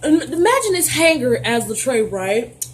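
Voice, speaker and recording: A young adult woman telling a storytime vlog in an animated, profane, sassy way, talking straight to her viewers. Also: sits high, moderate pace. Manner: playful, addresses viewers directly. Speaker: vlogger.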